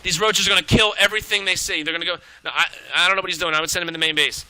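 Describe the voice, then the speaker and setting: A man shoutcasting a live strategy game match, excitable and swearing freely as he calls the action. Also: high-pitched, smooth, dry recording, poor audio. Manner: excitable, swearing, rapid reactions. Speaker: esports shoutcaster. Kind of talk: live play-by-play game commentary.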